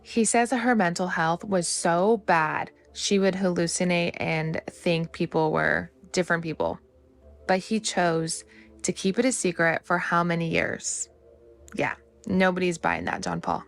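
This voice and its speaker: A woman's voice: fairly low pitch, steady tone, unhurried, gravelly, soft background music. A woman giving sarcastic commentary, mocking the man in the clip. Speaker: host. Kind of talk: commentary voice-over.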